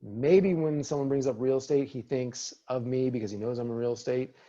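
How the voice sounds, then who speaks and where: Speaking briskly in a mellow, medium-pitched voice, a real estate team leader encourages chat attendees during an easygoing, upbeat webinar on putting video to work in business. It's a video training, and the recording lacks its high frequencies.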